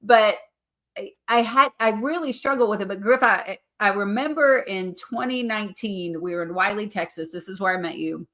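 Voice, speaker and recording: A woman's voice: mid-range voice, normal speed, sharp tone. A woman hosting a podcast, telling her story earnestly with many fillers and restarts. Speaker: podcast host. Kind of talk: casual podcast chat.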